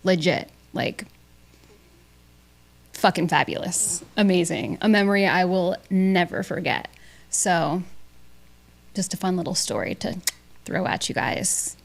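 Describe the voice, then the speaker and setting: A woman's voice: fairly low pitch, expressive, measured pace, creaky, pauses often. A young woman hosting a podcast, telling a personal story in a casual, candid way and swearing freely. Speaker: podcast host. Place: small home studio.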